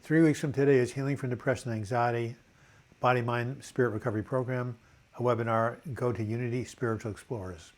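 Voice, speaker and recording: Older man, dry cough, casual live chat host, mid-pitched voice, chatty, corny jokes. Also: fairly even intonation, fast. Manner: chatty, tells corny jokes, reads comments aloud. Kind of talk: casual live-stream chat reading viewer comments.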